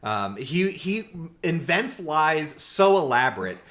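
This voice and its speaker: A man tells a story on a casual podcast, his fairly high voice leaping up and down as he acts out each person he quotes. His talk is loose and full of swearing. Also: slow. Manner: animated, acts out quoted people, swears often. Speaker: podcast co-host. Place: room, recorded in person.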